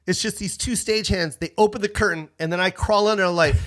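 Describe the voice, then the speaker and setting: A middle-aged man, a comedian guest, telling a story in a lively, profane way and acting out other people's lines. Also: sits high, a little fast. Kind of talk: casual storytelling.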